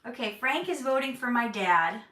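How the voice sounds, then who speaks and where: A chatty woman in her thirties hosts a casual live-stream Q&A, reading viewer comments and joking along. Her voice is bright and slightly high, and it sounds roomy and a little distant from the mic. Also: lively intonation, moderate pace. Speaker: live-stream host answering chat. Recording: roomy, a bit far from the mic.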